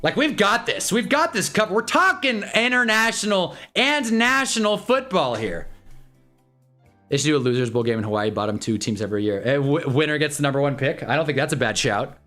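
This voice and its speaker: A man's voice: on the high side, very animated, fairly quick, pushed and bright, soft background music. A man hosting a casual livestream watch-along, rambling and joking and laughing often. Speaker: livestream host.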